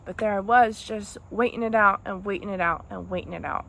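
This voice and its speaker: A woman's voice: mid-range voice, fairly quick, gravelly, a bit bright, a little hiss or hum. A young woman telling a personal breakup story in a casual, rambling, emotional way, full of "like" and "dude". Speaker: vlogger.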